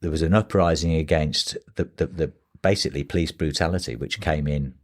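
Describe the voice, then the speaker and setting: A man's voice: rumbling low, brisk. A man in his sixties, a playwright guest, telling rambling stories casually in an interview, with restarts. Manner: rambling, restarts, anecdotal with voiced quotes.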